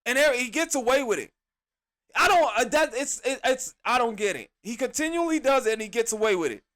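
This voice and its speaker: A man hosting a podcast, reviewing a wrestling show in an animated, exasperated rant full of slang. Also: very high voice, fairly quick. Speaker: podcast host.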